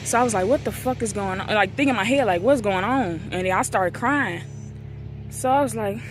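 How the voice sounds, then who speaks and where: Recorded outdoors near a street, a vlogger in her twenties emotionally shares a painful personal story in a casual vlog, acting out the things people said to her. Her voice is a little high, with lively intonation and a fairly quick pace, and music plays in the background.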